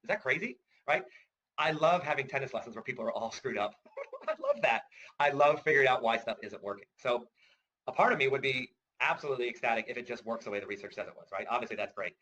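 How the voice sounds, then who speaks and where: A man's voice: mid-range voice, fast, bright, forceful tone, lo-fi sound, slight background noise. A middle-aged man giving a webinar as a trading course instructor, chatty and enthusiastic, often asking "right?" and chuckling. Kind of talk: webinar presentation.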